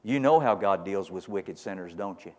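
A man's voice: sits low, animated, normal speed. A man preaching a sermon as pastor to his congregation, firing repeated rhetorical questions that build to emphatic peaks. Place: church sanctuary. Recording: long reverb of a large hall.

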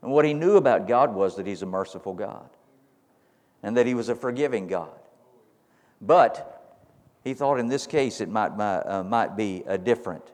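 Pastor guy preaching, kinda low voice, lots of questions stacking up louder, big church echo. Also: animated, normal speed. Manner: preaching with repeated rhetorical questions, building to emphatic peaks. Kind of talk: sermon. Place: church sanctuary. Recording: long reverb of a large hall.

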